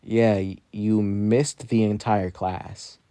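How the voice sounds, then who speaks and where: A man doing a worn-out schoolteacher, plain-spoken and a little exasperated but kind underneath. The voice is low and dry, with a close, unechoing sound. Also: fairly even intonation, slow, dark tone, clean tone, no echo. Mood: weary. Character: weary but caring adult teacher.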